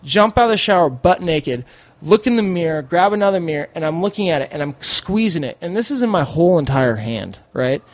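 A man guesting on a podcast, telling a wild story in a casual, animated and profane way. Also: a little high, a little fast, dry recording.

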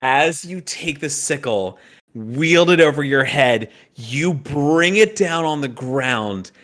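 Slow, bright-voiced man running the game. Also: mid-range voice. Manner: vivid descriptive narration with fillers. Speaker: game master. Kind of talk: narrating a tabletop game.

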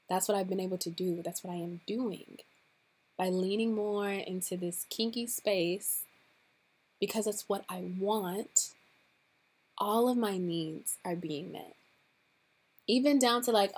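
A woman hosting a casual podcast, talking straight to her listeners in an encouraging, relaxed way, with plenty of "um"s and "like"s. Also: medium pitch, breathy edge. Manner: encouraging, speaks directly to listeners; relaxed, with fillers like "um" and "like". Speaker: podcast host and coach.

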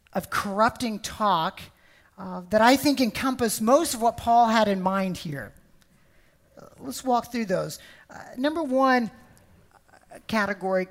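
A woman preaching a sermon, emphatic and storytelling, often repeating words. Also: mid-range voice.

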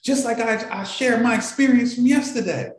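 A man's voice: very high-pitched, moderate pace. A man hosting a morning show, giving an emotional motivational talk to a live audience and repeating phrases for emphasis. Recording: very echoey room.

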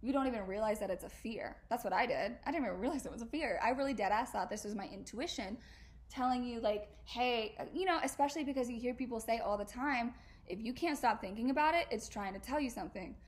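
Animated young woman, slangy and emphatic. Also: a little high, fast talker. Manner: animated, slangy, laughs often, emphatic outbursts. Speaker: podcast host. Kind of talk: casual confessional chat.

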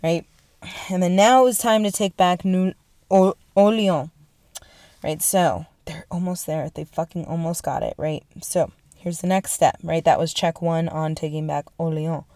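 A young adult woman retelling history in a casual, excitable way, swearing often and saying "like" and "right?" a lot. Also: lowish voice, moderate pace, dry recording. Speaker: storyteller.

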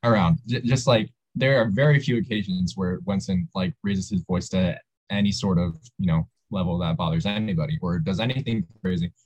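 A man's voice: deep voice, fairly quick, darkish tone, husky, no room sound, low-quality recording. A young man chatting casually, rambling with lots of hesitations. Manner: rambling, hesitant, full of fillers. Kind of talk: casual chat.

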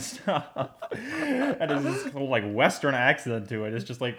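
A man's voice: mid-range voice, very animated, a little fast, hardly any pauses, fairly bright tone. Enthusiastic rambling male podcast co-host. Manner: enthusiastic, rambling with many fillers. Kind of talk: casual chat.

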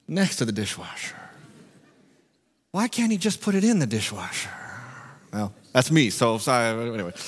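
A man preaching a sermon in a humorous, animated, self-mocking way. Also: on the high side, in a large hall. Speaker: pastor.

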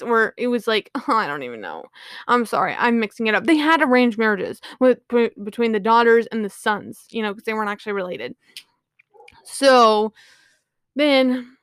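Woman host, slightly high and smooth voice, loose chatty retelling, lots of "like"s, keeps apologizing. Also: no room sound, studio quality. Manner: rambling, filler-heavy, often apologizing. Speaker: podcast host. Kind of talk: casual retelling of a book.

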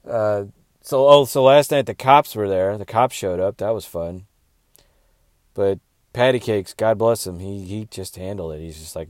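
Low-voiced man telling crude stories. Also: measured pace, dry recording, studio quality. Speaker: podcast host, comedian. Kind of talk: casual storytelling monologue.

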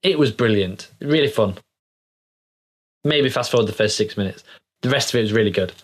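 A man's voice: on the low side, a little fast. A man, co-hosting a podcast and telling a story with enthusiasm. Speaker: podcast co-host. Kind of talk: casual chat.

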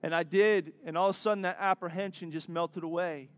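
Higher-pitched pastor preaching. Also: male voice, steady tone, a little fast, no room sound. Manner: earnest, exhorting, with laughs and asides. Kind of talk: sermon.

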